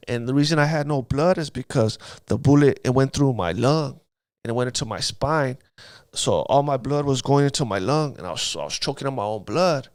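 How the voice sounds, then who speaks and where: A man's voice: medium pitch, animated, fairly quick, no echo, studio quality. A man telling his life story in a casual interview, using street slang and acting out sounds.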